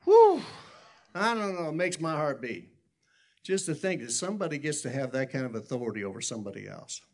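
A man's voice: mid-range voice, expressive, quick pace, fairly bright tone. A man preaching a sermon in a folksy, rambling storytelling way, often correcting himself and chuckling. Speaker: pastor.

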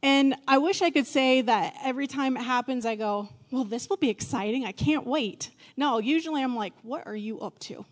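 A middle-aged woman pastor giving a sermon in a candid, conversational way, with quick self-deprecating asides. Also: high-pitched.

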